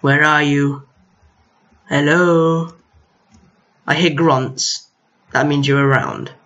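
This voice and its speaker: A man's voice: a little high, fairly even intonation, slow pace, fairly bright tone. A young man casually commenting on his own gameplay, chatting to enemies on screen with mild exasperation. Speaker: gaming video host. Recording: lo-fi home mic.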